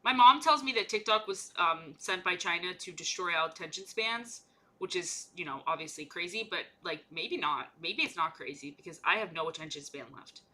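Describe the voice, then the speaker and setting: Bright, playful young woman streamer. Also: fairly low pitch, expressive, moderate pace. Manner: rambling, playful, jokey. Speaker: streamer painting miniatures. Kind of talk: casual livestream chat.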